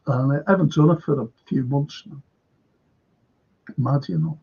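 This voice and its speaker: A man's voice: mid-range voice, animated, slow, slightly rough, highs cut off. An older man from Liverpool with a Liverpool accent, rambling through anecdotes and swearing freely while hosting a livestream. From Liverpool, England. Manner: swears freely, tells stories with frequent fillers. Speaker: host.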